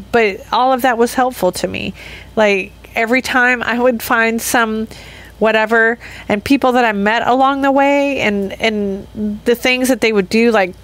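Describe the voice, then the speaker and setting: A middle-aged woman hosting a podcast, talking through a personal reflective monologue in a rambling, self-interrupting way with frequent laughs. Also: a little high. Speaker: podcast host.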